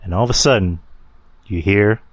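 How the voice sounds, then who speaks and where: A man's voice: on the low side, normal speed, no echo, highs cut off. A man co-hosting a wrestling podcast, building up crude jokes like a storyteller. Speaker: podcast co-host. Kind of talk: casual wrestling chat.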